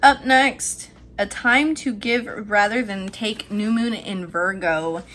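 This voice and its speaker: A woman giving a casual, chatty tarot reading, lively and quick to laugh, with some swearing. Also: mid-range voice, a little hiss or hum. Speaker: tarot reader.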